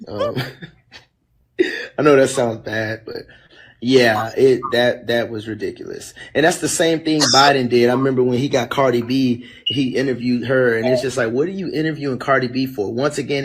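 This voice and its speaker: A man of middle pitch talks in a casual, dismissive way, as in an opinion clip. Faint noise and clicks sit behind him. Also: normal speed, rough recording. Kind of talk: commentary clip.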